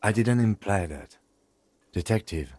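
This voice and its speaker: A calm, dry-witted cop. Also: male voice, fairly low pitch, husky, no room sound. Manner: composed, measured, dry. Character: calm, dry-witted male police lieutenant. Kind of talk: video game voice acting.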